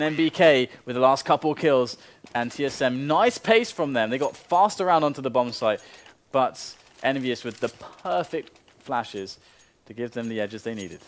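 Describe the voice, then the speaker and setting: A male commentator calling a live esports match at an average pitch. His analysis runs at an even pace, and on big plays his voice climbs into excited bursts. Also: normal speed, a little hiss or hum.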